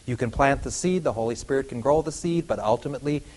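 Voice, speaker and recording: A man's voice: medium pitch, fast talker, low-quality recording. Emphatic middle-aged man preaching. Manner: emphatic, swinging between loud declarations and quiet asides; asks the audience rhetorical questions. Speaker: lay preacher addressing a congregation. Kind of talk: sermon.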